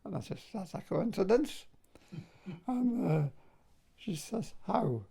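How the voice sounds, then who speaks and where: Taking it slowly, an older Scottish war veteran recalls stories in an interview with a high, expressive, gravelly voice that's dark and husky. He often chuckles and adds "like, you know."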